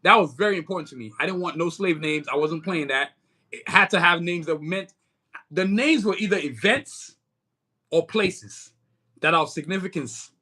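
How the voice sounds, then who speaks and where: A man's voice: on the high side, normal speed, sharp tone. A man with an American accent touched by Nigerian, chatting loosely on a livestream in a slangy, rambling way. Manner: slangy, rambling, keeps saying "you know what I'm saying". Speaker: livestream host and comic creator. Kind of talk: casual livestream chat.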